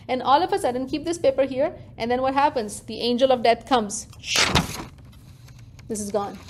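A woman teaching a religious lesson to a class, animated and interactive, often questioning her listeners directly. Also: high voice. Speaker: Quran teacher.

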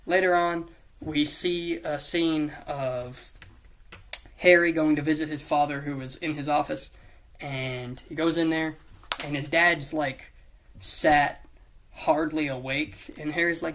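A man rambling casually through a movie pitch, swearing freely and mocking himself as he goes. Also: fairly even intonation, takes it slowly, fairly bright tone. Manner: profane, rambling, self-mocking, with silly put-on voices. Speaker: YouTuber pitching a movie idea.

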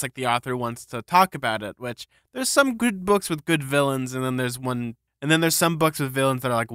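Bright-voiced rambling man co-host. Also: mid-range voice, clear, resonant tone, no room sound, clean studio sound. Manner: rambling, enthusiastic, full of fillers and pop-culture comparisons. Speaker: podcast co-host. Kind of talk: casual book-discussion chat.

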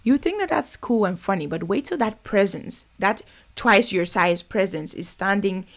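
A woman's voice: mid-range voice, animated, moderate pace. A woman giving blunt, chatty commentary while reviewing a reality TV episode. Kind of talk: casual reaction commentary.

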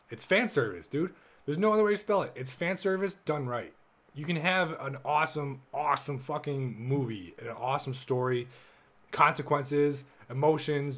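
Young man, solo podcast host, excitable rant, lots of swearing, loud bursts then low mumbles.

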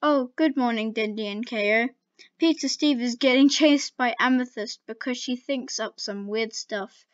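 A woman's voice: fairly high pitch, moderate pace, natural voice. A woman voicing a goofy, teasing old man, in a dull lo-fi home recording.

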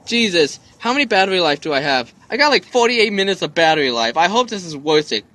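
A man giving let's play commentary with excitable, loud exclamations. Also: high voice, fast talker. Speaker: gaming video host.

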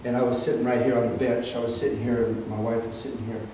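A man preaching a sermon as pastor, telling a story that builds into fervent, shouted preaching. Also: medium pitch, level tone, fast, a little hiss or hum. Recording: echoey room, distant mic.

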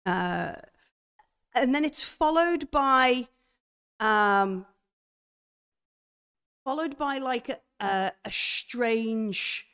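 A woman game master describing a horror scene in a tabletop game, halting as she goes. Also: medium pitch, fairly bright tone, smooth. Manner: halting, full of fillers and restarts.

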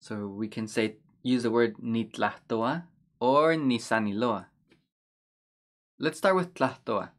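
Man calmly teaching vocabulary. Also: medium pitch. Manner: patient, repeats words slowly. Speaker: language teacher. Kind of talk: explaining vocabulary over slides.

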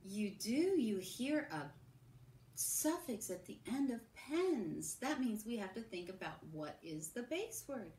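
A woman teacher giving a recorded phonics lesson to young children, modelling sounds and sentences slowly. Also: fairly high pitch, very animated, warm tone, recorded from a distance. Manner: slow, sing-song, drawn-out modelling of sounds and sentences. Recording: echoey room with faint background hum.

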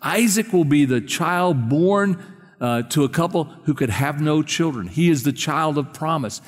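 A man's voice: fairly high pitch, animated, a little slow. Man preaching in a reverberant church. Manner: conversational preaching, quizzing the congregation. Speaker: pastor. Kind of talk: sermon. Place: church sanctuary. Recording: long hall reverb.

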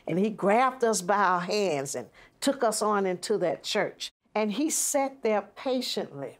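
A woman's voice: medium pitch, very animated, a little slow. A woman interviewee recounting a childhood memory as a vivid, detailed storyteller. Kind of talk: storytelling recollection.

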